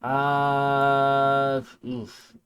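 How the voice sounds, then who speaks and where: A man's voice: medium pitch, monotone, a bit bright, smooth. A man hosting a casual live stream chat, thinking aloud with lots of fillers and sometimes reading text aloud. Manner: reads text aloud haltingly. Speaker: livestream host.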